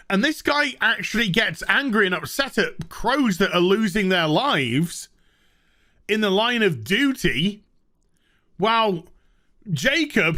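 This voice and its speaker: A man's voice: high voice, bright, forceful tone. A man reviewing a TV show in a sweary, sarcastic, exasperated rant. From Northern England.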